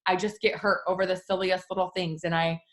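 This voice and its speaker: A young woman leading a team, talking casually and openly to her listeners, often saying "like" and restarting sentences, and jumping high in pitch when she acts out her own thoughts. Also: level tone, fairly quick, a bit bright. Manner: frequent likes and restarts, addresses listeners as you guys. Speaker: team leader.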